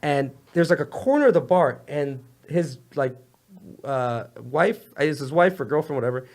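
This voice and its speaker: A man's voice: fairly high pitch, expressive, moderate pace, darkish tone. A young man telling a rambling story in casual podcast chat, laughing often and jumping between tangents. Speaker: comedian guest.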